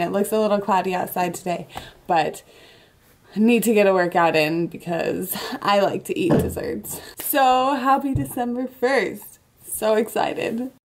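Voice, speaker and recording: A young woman from the United States talking casually and cheerfully to her camera, teasing herself as she goes. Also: mid-range voice. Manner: upbeat, chatty, self-teasing. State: out of breath. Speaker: vlogger. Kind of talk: casual vlog talk to camera.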